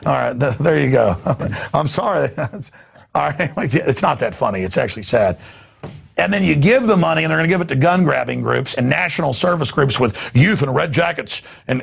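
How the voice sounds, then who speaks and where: A man's voice: fairly high pitch, vocal fry, husky. A man hosting a news talk show, ranting with indignant sarcasm and repeating himself as he goes.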